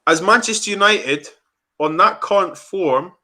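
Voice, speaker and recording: A man's voice: high-pitched, measured pace. A young man, hosting a football fan reaction show, ranting angrily and swearing in a heated chat. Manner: angry, ranting, swearing, animated. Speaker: fan channel host.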